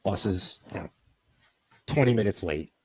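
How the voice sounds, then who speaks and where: An American man co-hosting a podcast, telling a long story in a rambling, animated way, full of "I was like". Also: fairly low pitch, moderate pace, breathy edge, dry recording. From United States. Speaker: podcast co-host. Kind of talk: casual storytelling chat.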